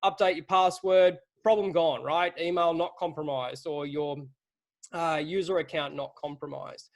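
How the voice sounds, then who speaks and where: Blunt, animated man hosting. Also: on the high side, unhurried, vocal fry. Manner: blunt, animated, swears casually. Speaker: webinar host. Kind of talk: casual webinar chat.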